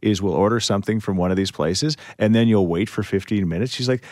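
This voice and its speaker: A male radio host with a fairly low voice, chatting loosely with his co-hosts in a dry, close studio sound. He laughs easily and keeps the talk moving between stories and callers. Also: fast, hardly any pauses, darkish tone, no room sound. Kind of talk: casual morning radio banter.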